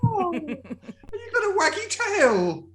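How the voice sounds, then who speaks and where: A man voicing a timid male turtle creature who stammers and turns dreamy and slow, in a tabletop game. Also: very high voice, wildly swooping pitch, a bit bright, pitched above the performer's own voice, exaggerated voice. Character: timid male turtle-folk patient, dopey once sedated.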